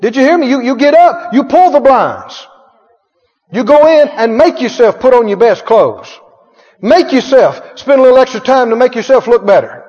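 A man's voice: extremely high pitch, expressive, normal speed, darkish tone. A male pastor preaching with emphatic call-and-response and frequent chuckles. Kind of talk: sermon. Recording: echoey hall, dull sound.

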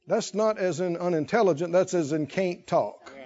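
Male preacher, very high voice, slow and lively sermon, lo-fi church tape. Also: slightly rough. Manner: animated, exhorting, laughs often.

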